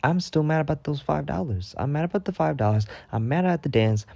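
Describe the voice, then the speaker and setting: A man's voice: fairly high pitch, brisk, creaky, no room sound. A man telling a storytime vlog, venting heatedly with lots of swearing. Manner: heated, profane, animated venting. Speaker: storytime vlogger. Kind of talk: ranting storytime monologue.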